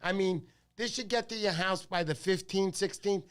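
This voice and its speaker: A man's voice: sits high, moderate pace, a bit bright, clear, resonant tone. Joking middle-aged man hosting a livestream. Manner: joking, playful, chatty. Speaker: fishing channel host. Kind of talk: casual livestream chat.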